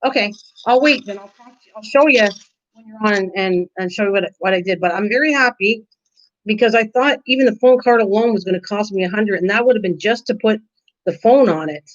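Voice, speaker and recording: In a medium-pitched, brisk voice, an older woman chats her way through a casual craft live stream. She rambles and replies to viewers' comments by name, captured in dull lo-fi stream audio.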